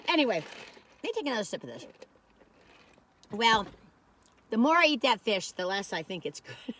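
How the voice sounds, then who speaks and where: A woman's voice: mid-range voice, big pitch swings, fairly quick, fairly bright tone. A middle-aged woman, chatting and rambling in a folksy way while taste-testing food. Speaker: food reviewer. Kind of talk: casual taste-test chat.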